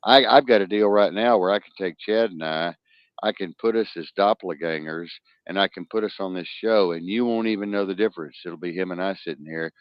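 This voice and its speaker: Male podcast co-host, low-pitched, preachy and emphatic, dull dry recording. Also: a little fast, no echo. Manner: emphatic, preachy, repeats phrases for effect. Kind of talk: casual podcast talk.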